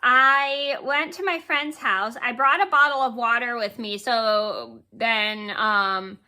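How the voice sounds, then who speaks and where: High, bright-voiced woman telling a story. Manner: rambling, repeats words and corrects herself; giggles while telling the story. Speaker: vlogger. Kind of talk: casual storytelling.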